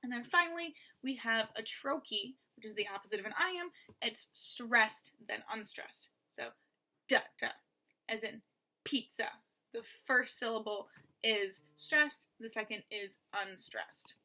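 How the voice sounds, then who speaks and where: A woman gives a poetry lesson in a patient, steady way, tapping out beats as she explains them. Her voice sits a little high and sounds bright and clear. She talks slowly and deliberately. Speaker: teacher.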